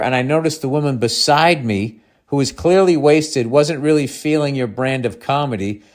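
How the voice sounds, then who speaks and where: Profane, sarcastic man hosting a podcast. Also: mid-range voice. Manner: profane, sarcastic running asides. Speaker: podcast host. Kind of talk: reading a listener letter aloud with commentary.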